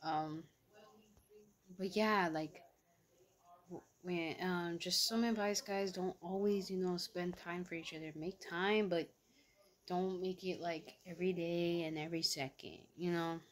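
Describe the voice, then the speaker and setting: A woman's voice: lowish voice, steady tone, measured pace. A young woman vlogger telling a story in casual, slangy talk full of fillers. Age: young adult.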